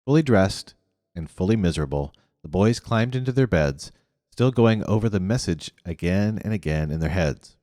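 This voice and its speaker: A man's voice: low-pitched, lively intonation, moderate pace, warm tone, dry recording, clean studio sound, big-room sound. A man reading a novel aloud who often restarts and corrects himself mid-phrase. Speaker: reader.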